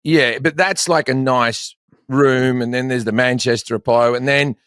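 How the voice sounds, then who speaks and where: A comedian guest in his forties with an Australian accent rambles through stories in casual chat, swearing freely. His medium-pitched voice is fairly even, bright, clear and resonant at a normal speed, captured in a dry, studio-quality recording.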